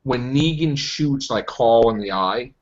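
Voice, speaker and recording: A man hosting a casual chat show, talking in an animated way. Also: unhurried. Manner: animated, jumping pitch when joking. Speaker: show host. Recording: dull lo-fi recording.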